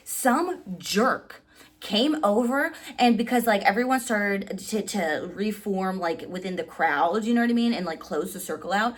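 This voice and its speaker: A woman in her thirties telling a personal story in casual vlog style, animated and full of "like", acting out quotes with sudden pitch jumps. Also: unhurried. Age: 30s. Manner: animated, heavy use of "like". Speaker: vlogger.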